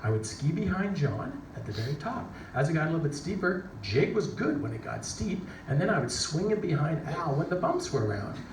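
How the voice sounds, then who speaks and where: A middle-aged man giving a motivational talk, telling a story with lively energy and acting out the people in it. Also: a little high, fairly quick, few pauses. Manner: animated storyteller, acts out voices and shouts. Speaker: motivational speaker. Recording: echoey hall from a distance, noisy.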